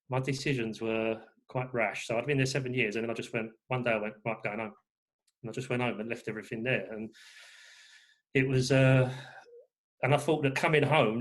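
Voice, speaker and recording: A man from England, talking as a guest in a rambling way with many fillers and restarts. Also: medium pitch. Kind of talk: casual conversation.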